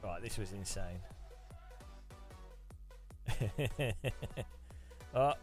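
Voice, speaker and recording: Man, animated swooping voice, laughs and exclaims, over background music. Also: on the low side, very slow. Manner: excitable, incredulous, exclaiming and laughing. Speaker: sim racing video host. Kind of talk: live gameplay commentary.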